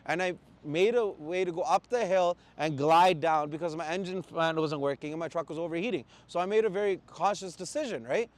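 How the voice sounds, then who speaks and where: A man's voice: on the high side, brisk, hardly any pauses. A man from Canada, a truck driver, ranting in blunt, profane casual talk with angry outbursts. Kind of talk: heated casual rant.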